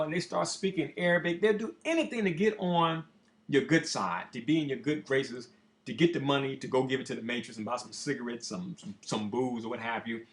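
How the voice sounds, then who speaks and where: A man who is a motivational speaker, telling a personal story in a casual, profane, animated way. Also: fairly high pitch. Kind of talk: storytelling monologue.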